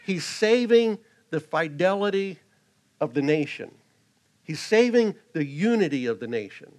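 Male pastor, higher voice, earnest sermon delivery, stresses key lines. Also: animated, a little slow, darkish tone. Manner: earnest, with restarts and rising emphasis on key phrases.

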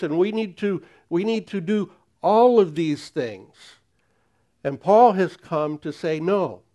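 A man preaching a sermon with a high voice that moves at an unhurried pace. He leans on repetition and restarts lines for emphasis, earnest and steady. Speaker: pastor.

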